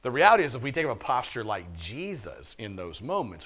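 During a church service, a male pastor preaches with great animation, speaking fast with few pauses. He swings between loud, emphatic points and quiet, low asides, slipping joking street talk into the sermon.

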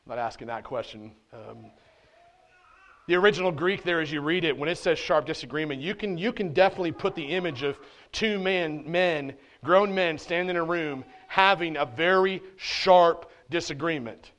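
A man preaching a sermon in church, animated and conversational, with casual slang. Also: a little high, normal speed. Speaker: pastor.

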